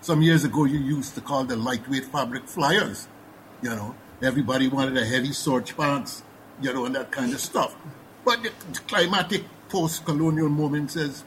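A man's voice: medium pitch, moderate pace, a bit bright, a little hiss or hum, rough recording. A man with a Guyanese accent speaking as a panelist, thoughtful and full of fillers and restarts. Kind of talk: panel discussion.

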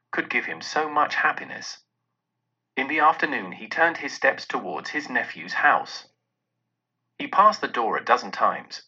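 A man reading a classic story aloud as narrator, in an expressive, animated manner. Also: mid-range voice, husky. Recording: dull lo-fi recording.

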